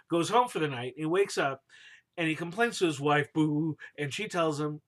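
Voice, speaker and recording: A man's voice: a little high, animated, normal speed. Playful man cheering and booing names. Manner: cheers and boos names as he goes, slangy and playful. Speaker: storyteller. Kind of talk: casual, jokey retelling of a scripture story.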